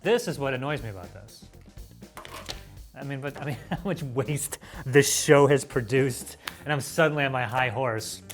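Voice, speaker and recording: A man hosting a food review show, talking playfully at a middle pitch. He swings into excitable, mock-dramatic asides between bites. Light music plays faintly behind him. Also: moderate pace. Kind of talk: casual food review to camera.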